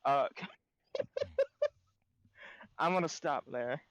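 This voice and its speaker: A man's voice: medium pitch, drawn-out words, a bit bright, no echo, lo-fi sound. A young man co-hosting a podcast, laughing easily and sounding sheepish in crude casual banter. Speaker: podcast co-host.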